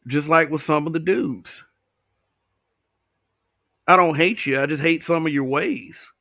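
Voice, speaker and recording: A man's voice: fairly high pitch, unhurried, creaky, bright, forceful tone, dry recording, clean studio sound. A man hosting a livestream, talking bluntly with profanity and reading viewer comments. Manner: blunt, profane, talks back to chat.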